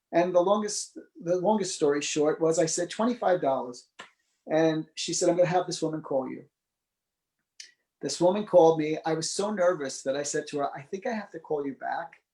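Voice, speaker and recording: Male interview guest, slightly high voice, lively storyteller who acts out the people he quotes. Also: poor audio. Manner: animated, acts out quoted dialogue. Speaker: psychic medium guest.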